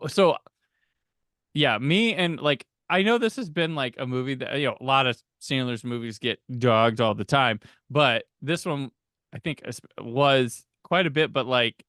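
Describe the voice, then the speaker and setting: A man hosting a casual movie podcast, rambling, laughing often and quoting lines in quick impressions. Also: mid-range voice, a bit bright, no echo, clean studio sound. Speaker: podcast host.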